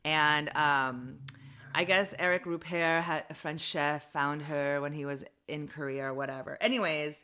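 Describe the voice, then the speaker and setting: A woman tells a story in a loose, chatty way, filling her lines with "like" and little acted-out quotes. Her voice is bright and edged, pitched slightly low, and the recording sounds muffled and lo-fi. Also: fairly even intonation, unhurried, clean tone. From United States. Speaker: podcast guest, comedian. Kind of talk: casual storytelling chat.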